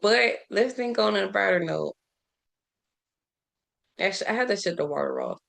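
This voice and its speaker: Woman, casual faith vlogger, talkative and preachy, with a gravelly texture. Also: mid-range voice, animated, normal speed, a bit bright. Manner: conversational and preachy, asks rhetorical questions, laughs often; repeats words and restarts often. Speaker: faith and self-care vlogger. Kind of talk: casual spoken devotional.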